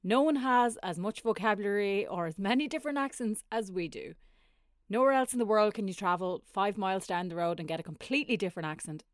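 A woman's voice: medium pitch, no echo, studio quality. An Irish woman hosting a podcast, talking in a chatty, colloquial way. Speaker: podcast host. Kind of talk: casual podcast chat.

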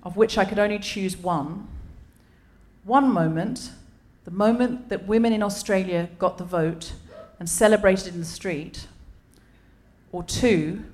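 A woman's voice: mid-range voice, unhurried, a little mellow. A woman hosting a live comedy podcast, delivering a wry stand-up bit that builds to a punchline.

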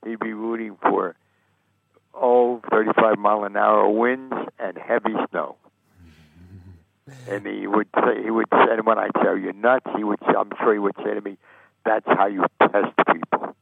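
Older american guy telling stories down a tinny phone line, gravelly low voice. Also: normal speed, no room sound. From United States. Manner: animated storyteller, acts out quoted voices. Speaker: sportswriter guest. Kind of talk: anecdotal storytelling interview.

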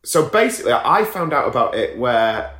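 A man telling stories in a casual podcast chat, animated, laughing often and acting out the voices of people he talks about. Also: mid-range voice, normal speed, roomy sound. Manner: swears casually. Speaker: guest storyteller.

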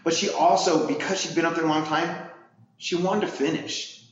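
A man telling a story in casual chat, animated and acting out the people he quotes. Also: on the high side, moderate pace. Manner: energetic storyteller, acts out quotes. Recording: echoey, dull-sounding room.

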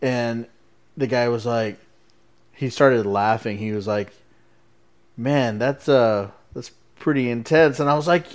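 A middle-aged man in relaxed family chat, telling a story about his kids. He laughs often and acts out his own past lines as he goes. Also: medium pitch, takes it slowly, pauses often.

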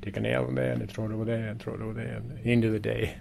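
A man's voice: lowish voice, level tone, racing, creaky, darkish tone, a little hiss or hum. An Irish man in his seventies, rambling through memories with lots of "you know" and chuckles. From Ireland, Galway. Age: 70s. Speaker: interviewee, corner shop owner. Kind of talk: reminiscing conversational storytelling.

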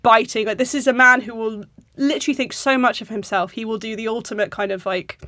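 Animated young woman talking films. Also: on the high side, brisk, no room sound, studio quality. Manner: animated, laughs often, quotes lines in put-on voices. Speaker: film podcast co-host. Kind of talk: casual film discussion.

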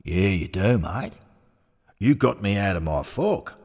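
A man doing a steady, matey football supporter. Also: low-pitched, unhurried, big-room sound, heavily acted. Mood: reassuring. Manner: reassuring, matey.

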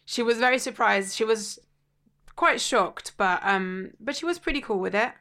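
A woman's voice: on the high side, normal speed. Candid woman telling stories. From Italy. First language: Italian. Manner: candid, animated storytelling with dry humour. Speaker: podcast guest sharing a personal story. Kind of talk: casual chat.

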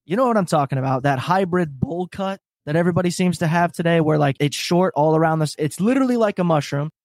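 Animated, profane male podcast co-host. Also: fairly high pitch, fast, no room sound, clean studio sound. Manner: animated, profane, laughs a lot. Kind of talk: casual comedy podcast chat.

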